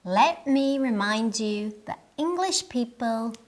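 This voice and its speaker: A woman narrating a scripted English lesson in a clear, deliberate way. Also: fairly high pitch, animated. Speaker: English teacher.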